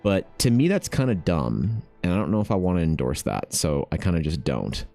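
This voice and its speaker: A man's voice: low-pitched, sing-song, brisk, gravelly, warm tone, soft background music. A man streaming while he draws, chatting casually in a laid-back, rambling way and swearing freely. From Canada. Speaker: art streamer.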